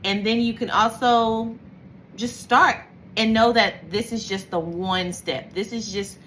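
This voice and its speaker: A middle-aged woman hosting a reflective motivational talk, animated and acting out her own thoughts in little voices. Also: a little high, measured pace, slight background noise. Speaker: host.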